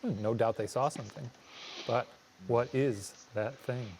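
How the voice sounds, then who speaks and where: A man's voice: mid-range voice, measured pace, vocal fry, darkish tone, a little hiss or hum. A man co-hosting a casual show, playful and joking in banter. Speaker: co-host.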